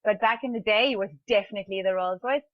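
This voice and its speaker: A woman's voice: mid-range voice, fast, no echo, dull audio, soft background music. A woman co-hosting a sports talk show, making her case in a matter-of-fact, confident way. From South Africa.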